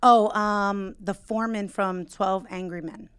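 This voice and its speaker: A woman's voice: medium pitch, fairly even intonation, measured pace, a bit bright, smooth, no echo. A woman in her thirties from New York, co-hosting a podcast in a playful, teasing, giggly way. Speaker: podcast co-host. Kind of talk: casual podcast chat. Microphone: headphones and studio mic.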